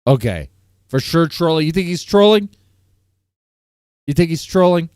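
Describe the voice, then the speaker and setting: A man's voice: a little high, animated, moderate pace, a little mellow, smooth, no room sound, clean studio sound. A man hosting a casual live-stream panel, ranting and repeating himself, breaking into laughter often. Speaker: stream host.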